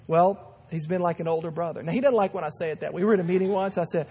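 A man's voice: high voice, racing, darkish tone, husky. A man in his thirties preaching a sermon as a guest pastor, telling stories dramatically with acted-out voices. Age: 30s. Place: large church sanctuary. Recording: long hall reverb.

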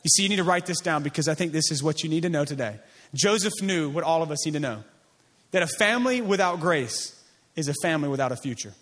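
A man with a fairly high voice delivers a sermon as a pastor. He stacks phrases in an emphatic, repeating cadence. On key lines he sinks to a soft, slow voice. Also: lively intonation. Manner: emphatic, repetitive preaching cadence.

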